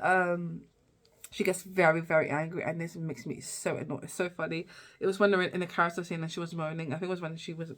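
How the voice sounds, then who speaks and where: A woman's voice: mid-range voice, a bit bright. A young woman vlogger recapping a TV season in a rambling, casual way, with many fillers and restarts. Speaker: TV review vlogger.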